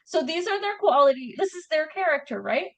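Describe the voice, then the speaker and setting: A woman's voice: high voice, animated, fairly quick, a bit bright, rough recording. A woman with a Canadian accent, a guest author chatting animatedly about her writing in an interview. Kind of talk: casual interview chat.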